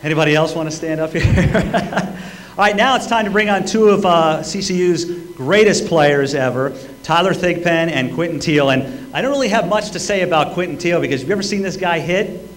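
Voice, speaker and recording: A man's voice: a little high, brisk, slight background noise. A man emceeing a comedy roast, bantering and poking fun, introducing the next speakers. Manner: joking, self-mocking banter.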